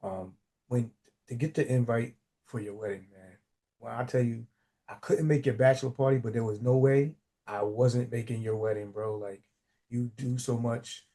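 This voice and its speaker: A man with a mellow, relaxed tone talks casually and sincerely to a friend in a live chat. He keeps it informal and friendly throughout. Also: medium pitch, normal speed. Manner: casual and sincere, calls people bro and man.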